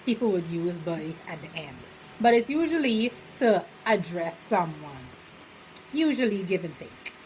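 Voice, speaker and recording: A woman's voice: lowish voice, measured pace, slight background noise, low-quality recording. A young woman with a Bahamian accent, chatting casually in a vlog and filling her talk with "you know". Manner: chatty, rambling, full of "you know" fillers; slips into lively quoted examples. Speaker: vlogger.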